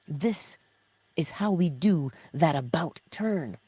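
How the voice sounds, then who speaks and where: A woman hosting a motivational spiritual talk, asking rhetorical questions and answering them herself, sometimes dropping to a hushed whisper. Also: low voice, animated, slow, slightly rough, no echo. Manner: drops into hushed, whispered emphasis. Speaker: host of a morning inspiration livestream.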